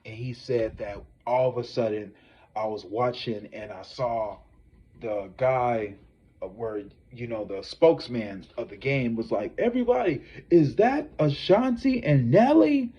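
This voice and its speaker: Profane, animated male gossip streamer. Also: fairly low pitch, unhurried, breathy edge, dull audio. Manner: profane, animated, talks straight to viewers. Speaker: psychic tarot reader and gossip host. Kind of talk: casual celebrity gossip livestream.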